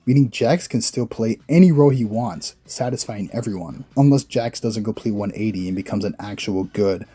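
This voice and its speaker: A man's voice: lowish voice, a little fast, mellow, husky. A young man hosting a casual commentary voice-over, offhand and swearing freely. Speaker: video essay host.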